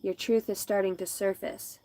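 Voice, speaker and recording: Woman giving slow psychic readings. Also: medium pitch, steady tone. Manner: slow soothing intuitive messages, shifting to loud profane laughing rambles. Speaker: psychic livestream host. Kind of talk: live intuitive reading and rambling chat.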